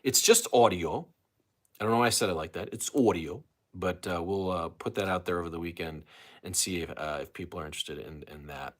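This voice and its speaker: A man's voice: sits low, a little fast, a bit bright. A man hosting a casual livestream, talking loosely with lots of fillers and restarts as he reads the chat. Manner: loose, self-interrupting, chatty with many fillers. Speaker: livestream host.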